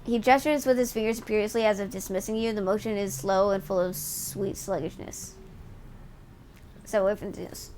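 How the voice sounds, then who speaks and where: Excitable woman streamer reading game text. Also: medium pitch, moderate pace, a little hiss or hum, low-quality recording. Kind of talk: reading a game aloud while playing live.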